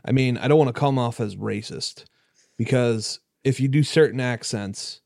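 A man's voice: mid-range voice, moderate pace, vocal fry, a little mellow, no room sound, studio quality. A man co-hosting a podcast in casual chat, laid-back and hesitant, with lots of fillers. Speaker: podcast co-host.

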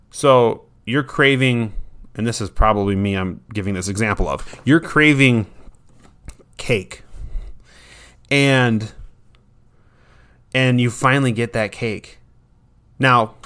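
A man's voice: medium pitch, fairly bright tone. A man who trains dogs, giving casual advice in a chatty, self-deprecating way and sometimes acting out what his dog would say.

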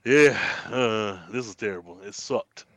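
A man's voice: on the low side, a little slow, a bit bright, no room sound. A man co-hosting a podcast, talking bluntly in slangy casual chat and laughing between points. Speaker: podcast co-host.

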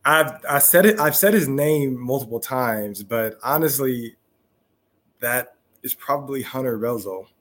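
A young man, a professional football player, talking casually as a guest, softly and with many restarts. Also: mid-range voice. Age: young adult. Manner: soft-spoken, halting with many restarts. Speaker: guest, pro football wide receiver. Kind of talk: casual interview talk.

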